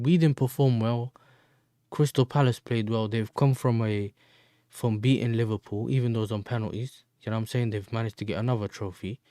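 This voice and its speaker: A man's voice: mid-range voice, dark tone, dry recording, studio quality. A man hosting a football fan livestream, bantering in slang and answering chat messages. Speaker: football fan channel host.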